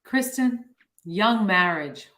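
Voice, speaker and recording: A woman's voice: mid-range voice, animated, takes it slowly, a bit bright, roomy sound. A middle-aged woman co-hosting a podcast, chatting casually with dry, laid-back humor. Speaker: podcast co-host. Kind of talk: casual chat.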